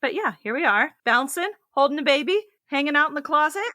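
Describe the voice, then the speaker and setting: A woman co-hosting a casual podcast, chatty and quick to laugh. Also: high-pitched, expressive, sharp tone, dry recording. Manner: giggly, chatty, laughs often. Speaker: podcast co-host. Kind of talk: casual chat.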